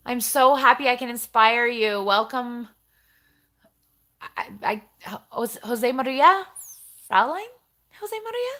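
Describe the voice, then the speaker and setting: A woman with a medium-pitched, bright, forceful voice hosts a casual live stream, rambling along and hopping between topics. She reads her viewers' comments and speaks directly to them.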